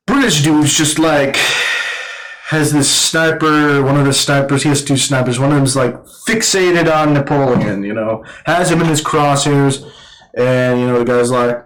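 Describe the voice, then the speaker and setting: A man giving a casual, rambling film review, swearing constantly and filling every pause with "like" and "uh.". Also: mid-range voice, a bit bright, roomy sound, poor audio. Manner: profane, rambling, full of fillers. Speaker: movie reviewer.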